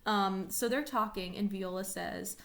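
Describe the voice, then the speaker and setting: A woman's voice: mid-range voice, a little slow, vocal fry, a bit bright. A woman teacher in a recorded online lesson, explaining a play in a casual way, full of "like" and "um". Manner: casual, paraphrasing with lots of "like" and "um". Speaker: English teacher.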